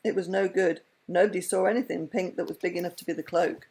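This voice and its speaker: A woman reading a children's story aloud with an expressive, lilting delivery. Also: lowish voice, fast talker, slight background noise.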